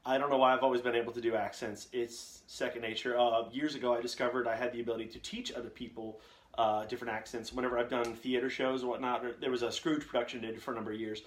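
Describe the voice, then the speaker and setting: Speaking fast with a level tone and a medium-pitched voice, this young man is a voice actor running a live Q&A stream from home. He jokes around, chats casually, and reads viewers' comments aloud, using a condenser microphone with a reflection shield in his home recording setup.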